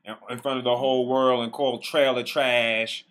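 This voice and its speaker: A man's voice: medium pitch, flat delivery, moderate pace, fairly bright tone. A man hosting a podcast interview, talking emphatically and repeating words when worked up. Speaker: podcast host. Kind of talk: interview talk.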